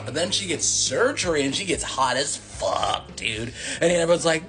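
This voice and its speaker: A man's voice: fairly high pitch, expressive, brisk, hardly any pauses, music in the background. A man in a casual, profane, rambling comedy rant who acts out characters' lines as he goes.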